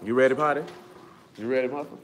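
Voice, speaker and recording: A fast-talking man with a mid-range voice and a bit of hiss or hum in the audio teaches a Bible study to a small group. He coaxes listeners to read, then turns emphatic and preachy.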